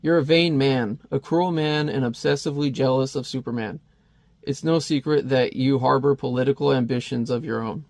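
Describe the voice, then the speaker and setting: A man reading the lines of a grim, vengeful male vigilante from a comic, in a cold, measured, threatening way. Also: mid-range voice, creaky, a little mellow, no echo, clean studio sound, lightly acted.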